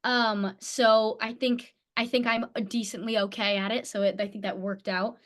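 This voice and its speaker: A young woman from New Jersey, an actor guest chatting casually in an interview, bubbly and quick to laugh. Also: fairly high pitch. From New Jersey, USA. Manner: bubbly, laughs often, lively quoted asides.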